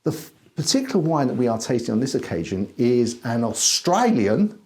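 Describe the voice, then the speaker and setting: A man putting on a mock Welsh accent in a jokey aside, swooping high and loud. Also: sing-song, normal speed, close to an everyday voice. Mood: teasing. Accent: Welsh (put on).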